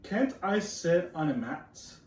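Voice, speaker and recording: Fussy picture-book frog, man reading it slow and plain, voice sounding distant. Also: fairly high pitch, very animated, a little mellow. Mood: complaining. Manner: slow, deliberate read-aloud. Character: fussy frog who hates sitting on logs. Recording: roomy, distant, faint noise.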